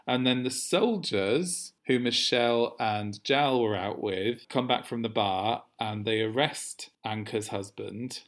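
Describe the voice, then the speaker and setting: A man co-hosting a podcast, recapping a TV episode in casual chat, animated and quick to laugh. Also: mid-range voice. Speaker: podcast co-host.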